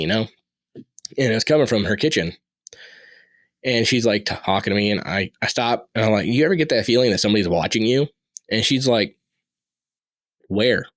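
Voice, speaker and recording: A young adult man, a podcast guest, telling a story casually and growing animated at tense moments. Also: lowish voice, no room sound.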